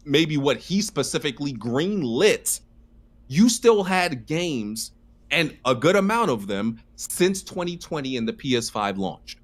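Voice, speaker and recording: A man's voice: fairly high pitch, big pitch swings, unhurried. A man arguing his point in a casual podcast debate, insistent and full of stammered restarts.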